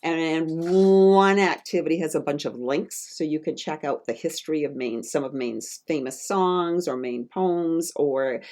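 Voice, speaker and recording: Lower-voiced woman reading a picture book. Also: a little slow, hardly any pauses. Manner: animated, call-and-response with young listeners; chatty, teacherly asides. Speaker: children's book author reading aloud. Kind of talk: picture-book read-aloud.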